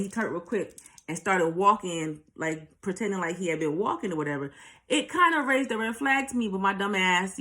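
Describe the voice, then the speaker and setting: A woman's voice: medium pitch, fairly bright tone. New woman doing a storytime vlog, cusses a lot, talks right to the viewers. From New York. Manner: candid, profane, talks straight to viewers. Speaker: vlogger. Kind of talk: storytime monologue.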